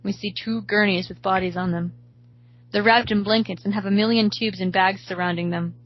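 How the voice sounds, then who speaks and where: A woman reading a horror story aloud in a steady, hushed way, recorded slightly dull. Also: medium pitch, fairly quick.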